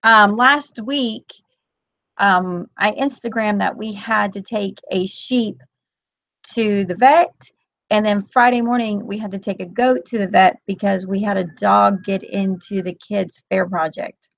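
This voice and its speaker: A middle-aged woman hosting a casual livestream chat, telling animated stories and greeting viewers by name. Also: mid-range voice, measured pace, gravelly, no echo, highs cut off. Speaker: homeschooling mom livestream host.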